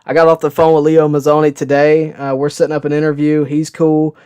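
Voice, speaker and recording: A man on a live sports stream, talking loosely and rambling as he answers viewer questions, dropping fillers like "uh" and "okay?" along the way. His voice sits a little high for a man and comes through smooth and clean. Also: completely flat delivery, a little fast, darkish tone. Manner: casual, rambling storyteller with frequent "uh" and "okay?". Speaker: sports show host.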